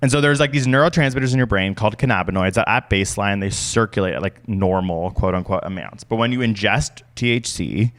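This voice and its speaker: Guy co-hosting a podcast, low voice, lively storyteller. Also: brisk, hardly any pauses. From Canada. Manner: animated storyteller, acts out quoted voices. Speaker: podcast co-host. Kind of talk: casual chat.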